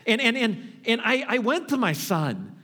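A man in his thirties or forties preaching a sermon, telling stories and acting out scenes with lively swings in his voice. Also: unhurried, slightly rough. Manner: animated storytelling, acts out scenes with big pitch jumps. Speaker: pastor.

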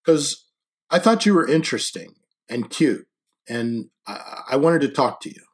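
A man doing a nervous teenage boy, husky. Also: mid-range voice, very animated, a little slow, pitched above the performer's own voice. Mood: earnest. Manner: nervous, fumbling and pleading. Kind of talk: audiobook character reading.

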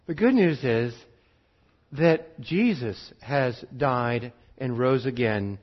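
A man preaching a sermon in an earnest way, switching between urgent bursts and quiet, drawn-out phrases. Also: medium pitch, lively intonation, lo-fi sound.

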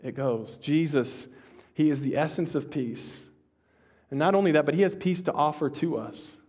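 Man preaching, casual and slangy, slightly high voice, slow hushed key phrases. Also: husky. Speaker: pastor. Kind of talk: sermon.

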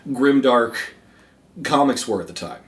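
A man's voice: mid-range voice, a bit bright. A man chatting casually about films as a podcast co-host, often stopping and restarting his sentences. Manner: halting, many restarts. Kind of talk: casual film discussion. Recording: roomy echo.

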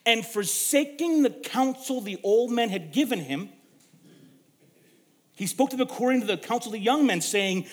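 A young male pastor gives a sermon in a high, lively voice, his pitch leaping around as he tells stories. He punches some lines loudly and drops others to a near hush. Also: normal speed. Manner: storytelling preacher, swings from loud emphasis to hushed.

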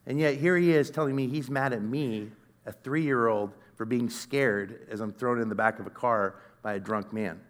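A middle-aged man giving a sermon, telling a personal story in a conversational, earnest way that swings from loud to hushed. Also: mid-range voice, normal speed. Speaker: conference speaker.

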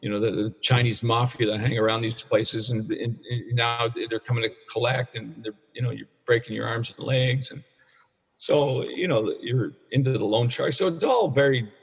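A man's voice: mid-range voice, fairly even intonation, moderate pace, breathy edge. A man in his sixties from Canada telling a hard personal story as a guest, rambling and restarting, blunt and sometimes profane. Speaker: guest, addiction counselor for men. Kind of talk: candid storytelling in conversation. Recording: dull, echoey room recording.

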